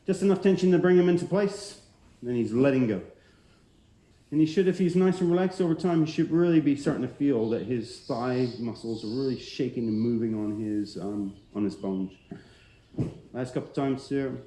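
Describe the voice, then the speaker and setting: A man on a headset mic talks a student through a slow relaxation drill in a calm, steady way. His voice is mellow and dark at a middling pitch. His sentences often fade softly at the end, and the recording carries a roomy echo. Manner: calm, steady instruction with soft trailing ends. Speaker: martial arts instructor.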